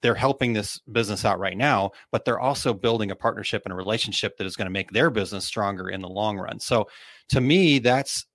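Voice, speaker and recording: A man's voice: fairly low pitch, fairly quick, a bit bright, dry recording. A man hosting a casual trade talk show, reading out listener comments and chatting loosely with plenty of fillers and restarts. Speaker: podcast host.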